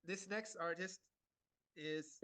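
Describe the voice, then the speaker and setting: Slightly high-voiced halting male lecturer. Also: steady tone, sharp tone, dry recording. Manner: halting, many fillers and restarts. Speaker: art lecturer. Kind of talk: lecture with consecutive interpretation.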